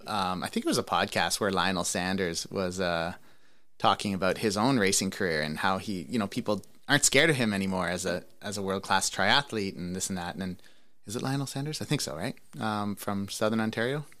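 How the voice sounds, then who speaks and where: A man with a very low voice talks loosely and casually as a podcast host. He rambles, stops and restarts, and reaches for words with plenty of fillers. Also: fairly quick, sharp tone. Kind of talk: casual interview chat.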